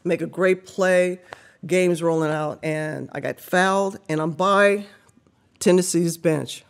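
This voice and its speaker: Woman, middle-aged, podcast guest, animated storytelling, laughs often, acts out quotes. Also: lowish voice, slow pace, vocal fry.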